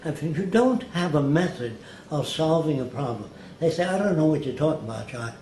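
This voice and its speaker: A man's voice: a little high, animated, moderate pace, a little mellow. An older man, a guest in an interview, rambling through anecdotes and acting out the people he quotes. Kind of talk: storytelling in an interview. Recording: roomy, faint background hiss.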